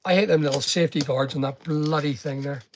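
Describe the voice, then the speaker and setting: A man's voice: a little high, fast, noisy background. A middle-aged Northern Irish man rambling chattily on a livestream while packing online orders and talking to viewers. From Northern Ireland.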